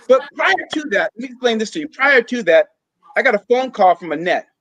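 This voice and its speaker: A man earnestly telling a personal story, in a halting way with pauses and fillers. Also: extremely high pitch, animated, fairly bright tone, no echo, rough recording. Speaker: guest sharing a personal story.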